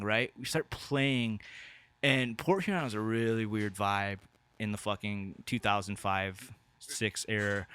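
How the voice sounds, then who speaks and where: A man's voice: mid-range voice, a bit bright, smooth, no room sound. Profane rambling male podcast host. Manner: rambling, profane, full of fillers. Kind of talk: casual storytelling chat.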